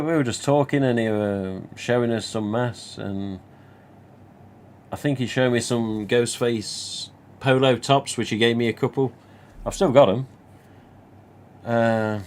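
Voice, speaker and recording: A man from England with a Nottingham accent and a slightly mellow, everyday middle-pitched voice rambles through a personal story on his livestream. It's chatty and casual, packed with asides, many you-knows, and the odd mild swear word.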